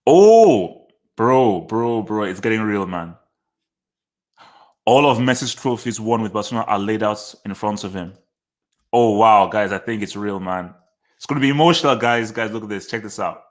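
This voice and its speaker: This man hosts a football channel and reacts live in a casual way, his voice lowish and his pace moderate. He thinks aloud, repeats short phrases and keeps restarting sentences.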